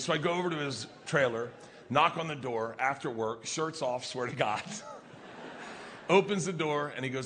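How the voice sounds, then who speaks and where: A middle-aged man doing stand-up storytelling, loud and profane, acting out the quotes in his story. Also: a little high, animated, moderate pace, noisy background. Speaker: stand-up comedian. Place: comedy stage. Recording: live venue, long reverb, faint ambience.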